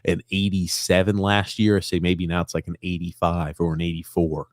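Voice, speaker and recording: A laid-back man hosting a casual sports podcast, with a fairly low voice. The sound is dry and close, with no room echo. He banters easily and laughs often. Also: flat delivery, moderate pace. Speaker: podcast host.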